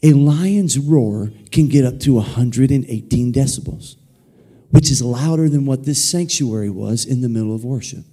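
A man preaching in a church sanctuary, animated and playful, often calling on the congregation to repeat his words. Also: mid-range voice, normal speed, slightly rough. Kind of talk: energetic sermon with call-and-response.

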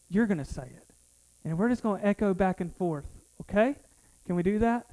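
A man preaches, his voice sitting high for a man. He talks in bursts with frequent restarts and pulls the congregation into call-and-response. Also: fairly quick, warm tone, poor audio. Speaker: pastor. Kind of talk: sermon.

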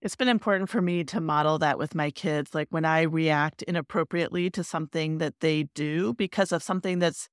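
A woman's voice: deep voice, a little fast, few pauses, dry recording, clean studio sound. A woman in her forties hosting a podcast interview, talking in a reflective, personal way. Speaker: podcast host.

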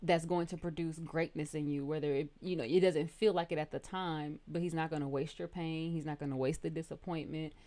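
A woman co-hosting a casual faith podcast, reading scripture aloud and growing animated at times. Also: deep voice, fairly quick, hardly any pauses. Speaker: podcast co-host.

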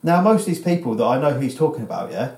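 A man's voice: mid-range voice, very animated, racing, darkish tone, reverberant. A man in his thirties with an English accent, telling a rambling, sweary story on a casual podcast. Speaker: podcast co-host.

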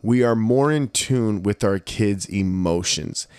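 A man on a casual podcast with a fairly low voice, telling stories in an animated way and acting out the people he quotes. The sound is dry and close, with no room echo. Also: slow, clear, resonant tone. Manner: animated storyteller who acts out quotes. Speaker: podcast host.

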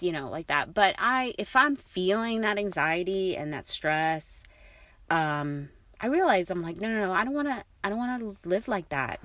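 A woman's voice: on the low side, animated, moderate pace, a bit bright, dry recording. A middle-aged woman talking casually to her listeners, rambling and encouraging with many fillers. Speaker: host.

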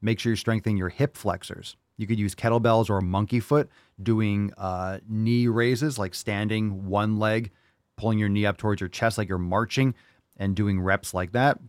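A man hosting a fitness podcast, talking casually in a brash, jokey way, swearing freely with bursts of loud enthusiasm. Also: on the low side, steady tone, moderate pace, dry recording, studio quality. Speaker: podcast host answering listener questions.

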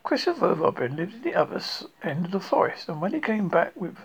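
A reader narrating a children's storybook, unhurried, with small slips. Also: mid-range voice, very animated, vocal fry, breathy edge. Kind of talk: storybook reading. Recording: lo-fi recording.

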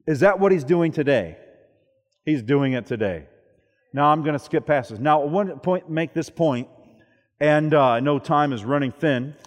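A man's voice: a little high, darkish tone, big-room sound. A man preaching a sermon, often asking the congregation questions and then answering them himself.

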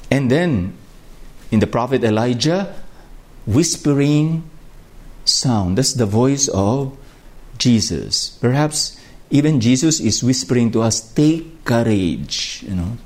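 A man's voice: mid-range voice, lively intonation. A man with a Filipino accent preaching a sermon, reflective and emphatic on key phrases. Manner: slow, reflective, with rising emphasis on key words.

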